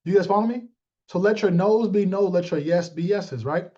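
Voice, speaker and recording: A man's voice: sits high, normal speed, dark tone, dull audio. A man coaching his sales team in a live motivational talk, blunt and joking, calling on listeners by name and acting out little exchanges.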